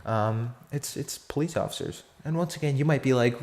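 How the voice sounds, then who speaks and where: A man's voice: medium pitch, normal speed, hardly any pauses, darkish tone. A fourteen-year-old boy telling a story in a casual vlog, rambling with lots of fillers, slang and restarts. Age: teenager, fourteen.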